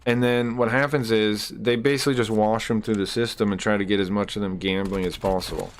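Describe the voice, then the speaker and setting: A man with a lowish voice talks loosely to his live chat, trailing off and circling back as he reads through numbers. A light hiss and occasional clicks sit under the recording. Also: steady tone, a little fast. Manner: loose and rambling, talking to chat and tallying numbers aloud. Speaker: live streamer. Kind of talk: casual live-stream chat.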